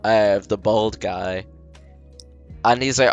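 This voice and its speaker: A man in casual drunken chat with friends, rambling through a game's story and acting out the characters in quick quoted bits. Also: mid-range voice, fairly bright tone, soft background music. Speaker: friend explaining a game plot.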